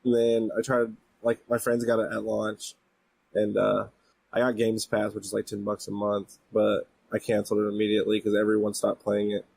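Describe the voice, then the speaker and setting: A man co-hosting a casual podcast with a husky, slightly low voice. He stays laid-back, chiming in easily and laughing often. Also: completely flat delivery, moderate pace, a little mellow. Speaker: podcast co-host. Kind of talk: casual chat.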